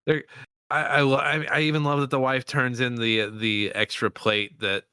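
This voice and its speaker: A man co-hosting a podcast, chatting casually about a movie, rambling with halting restarts and quick asides. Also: mid-range voice, little pitch movement, pushed and bright, clear, resonant tone, no echo, studio quality. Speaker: podcast co-host.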